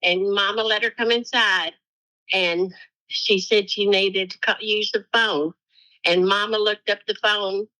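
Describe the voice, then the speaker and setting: A woman's voice: mid-range voice, fairly even intonation, measured pace, bright, forceful tone, rough recording. A woman from Arkansas, recalling events in an interview, chatty with lots of fillers. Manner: chatty, with fillers like "you know". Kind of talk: casual recollection in an interview.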